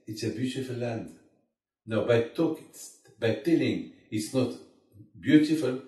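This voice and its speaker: A man's voice: fairly low pitch, warm tone. A man giving a Torah sermon, emphatic and full of rhetorical questions. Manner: emphatic, rhetorical questions, addresses listeners as "my friend". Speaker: rabbi. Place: community study hall. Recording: roomy, from far off the mic.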